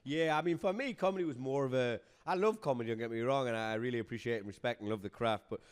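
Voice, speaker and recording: A young adult man, a guest comedian, chatting casually on a podcast and telling animated, sweary stories. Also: mid-range voice, fast talker, clean tone. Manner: animated storyteller, swears freely.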